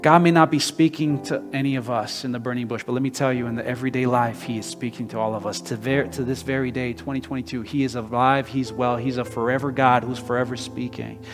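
A man in his thirties preaching a sermon, talking conversationally with frequent restarts and building to loud, emphatic passages. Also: mid-range voice, steady tone, quick pace, few pauses. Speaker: pastor. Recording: long hall reverb with faint guitar.

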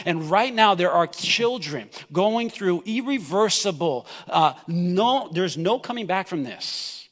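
A man preaching a sermon as pastor, impassioned, swinging from loud pleading cries to hushed, quiet passages. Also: high-pitched, lively intonation, normal speed, few pauses, long reverb tail.

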